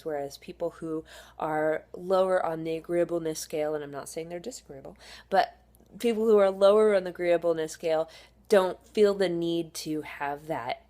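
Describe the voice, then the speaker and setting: Female instructor, deep-set voice, chatty lecture delivery with fillers. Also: darkish tone. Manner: conversational, with frequent fillers and restarts. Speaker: psychology instructor. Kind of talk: recorded lecture video.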